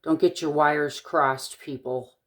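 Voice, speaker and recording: Very low-voiced, slow crafting woman. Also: fairly even intonation. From Eastern Washington, USA. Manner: chatty, thinks aloud, corny jokes. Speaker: jewelry-making tutorial host. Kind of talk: casual crafting demonstration.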